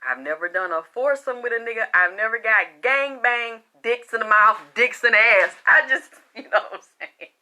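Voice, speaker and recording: Speaking at a moderate pace with a fairly high pitch, a woman who works as a spiritual reader and vlogger launches into an unscripted personal rant to camera. She addresses viewers directly, loud, exasperated, cursing, and combative.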